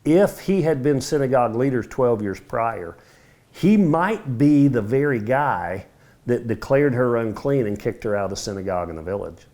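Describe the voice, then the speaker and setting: A middle-aged man teaching a Bible study, telling the story vividly and acting out the dialogue, his voice swinging between loud and hushed. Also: mid-range voice, animated, moderate pace. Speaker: men's ministry Bible teacher.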